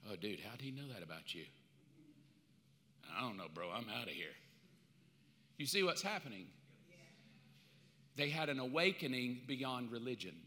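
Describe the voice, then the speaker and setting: An older man preaching a sermon as pastor, animated and jokey, and openly confessional. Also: mid-range voice. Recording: echoey church hall.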